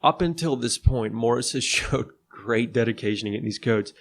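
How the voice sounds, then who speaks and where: A man's voice: medium pitch, a little fast, hardly any pauses. A man hosting a podcast alone, talking casually and jokingly, with a loose, slangy way of chatting. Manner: laid-back and jokey, says "dude" a lot. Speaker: podcast host. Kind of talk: casual solo legal podcast chat.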